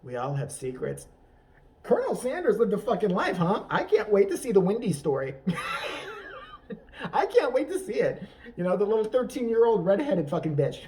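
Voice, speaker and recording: A man's voice: high voice, wildly swooping pitch, normal speed, a little mellow, recorded from a distance. Rambling, crude man laughing at his own jokes. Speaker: comedy vlogger. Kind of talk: profane improvised comedic rant.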